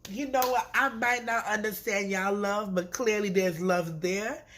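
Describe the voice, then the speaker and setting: Animated woman recapping a reality show. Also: medium pitch, measured pace. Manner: animated, emphatic storytelling with frequent repeats. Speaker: reality TV reviewer. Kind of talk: casual episode recap.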